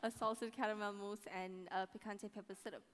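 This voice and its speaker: A young woman chef talks about her cooking onstage, casual and a little self-conscious. Her voice sits at a middle pitch and carries a long reverb from a large expo hall. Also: little pitch movement, brisk, a bit bright. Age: young adult. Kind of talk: onstage interview.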